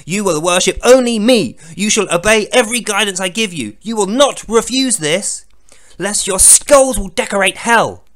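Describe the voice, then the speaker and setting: A man putting on the voice of a wrathful male deity, snarling loud profane threats. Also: on the high side, lively intonation, fairly quick. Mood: threatening.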